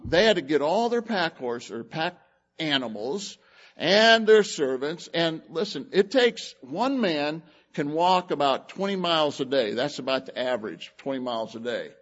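A man preaching a sermon, retelling a scripture story with lively acted-out voices. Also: on the high side, dull audio. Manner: animated storytelling, acts out the characters.

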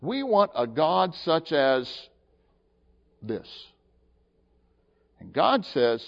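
A male pastor preaching a sermon in an animated way, swinging from hushed asides to emphatic, acted-out dialogue, recorded in a church sanctuary. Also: on the high side, drawn-out words, vocal fry, long pauses. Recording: dull lo-fi sound with long hall reverb.

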